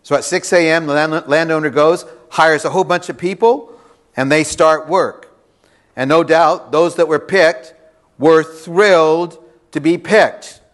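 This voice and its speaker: Male pastor, slightly higher voice, animated conversational sermon delivery, teases the room. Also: measured pace. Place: church before a congregation.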